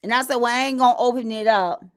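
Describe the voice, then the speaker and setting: A woman with a somewhat high voice and a hosts a casual livestream. She retells conversations animatedly, quoting others and addressing her viewers directly. The recording is dry and close, with little room sound. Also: quick pace, no echo. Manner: animated storytelling, retelling quoted exchanges, talks to chat. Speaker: livestream host.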